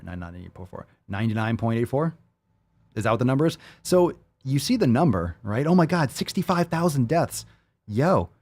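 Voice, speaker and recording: A man's voice: mid-range voice, a little mellow. A man hosting a fitness show, ranting in a heated, profane way. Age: adult, 30s or older. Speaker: host. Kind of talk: fitness podcast rant.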